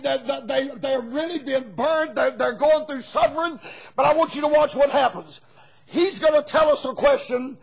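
A man preaching a fervent sermon as pastor, breaking into shouts and calling on the congregation for amens. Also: extremely high pitch, vocal fry, rough recording.

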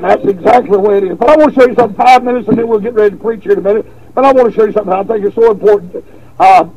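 A man preaching a revival sermon, telling a folksy story with repeated words, then stressing points with slow emphasis. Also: high voice, vocal fry, a little mellow, dull audio.

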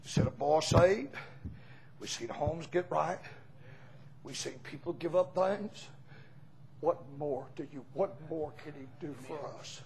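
A man preaching a revival sermon, folksy storytelling that bursts into shouts. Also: a little high, unhurried, vocal fry, pauses often, a little hiss or hum, poor audio.

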